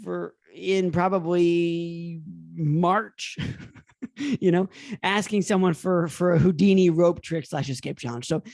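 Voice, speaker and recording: Young guy, high voice, rambly podcast banter, dry close mic, keeps laughing. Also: takes it slowly, vocal fry, a little mellow, dry recording. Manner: rambling, laughs often, drops into silly put-on voices. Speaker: podcast co-host. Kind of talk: casual comedic banter.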